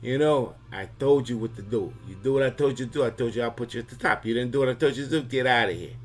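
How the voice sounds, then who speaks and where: A man's voice: medium pitch, quick pace, soft background music, lightly acted. Man putting on a commanding godfather boss, threatening, repeats his orders. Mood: bossy. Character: bossy male mob-boss godfather, demanding and threatening.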